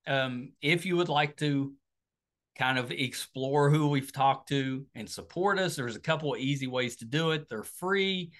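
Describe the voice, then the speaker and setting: Bright-voiced West Virginian podcast host. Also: male voice, mid-range voice, a little slow. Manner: rambling, with many fillers and restarts. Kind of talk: casual podcast outro and promo.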